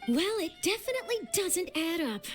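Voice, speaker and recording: Brief: a confident young journalist, prying and playful, bright high voice. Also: female voice, big pitch swings, normal speed, faint music behind. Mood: probing. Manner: probing, teasing, confident. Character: pushy inquisitive young woman journalist. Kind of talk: video game voice acting.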